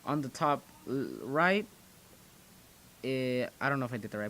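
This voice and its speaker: A man's voice: mid-range voice, animated, normal speed, sharp tone. A young man in his teens telling stories casually to his viewers, rambling and often restarting his sentences. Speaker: channel host. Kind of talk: casual storytelling commentary.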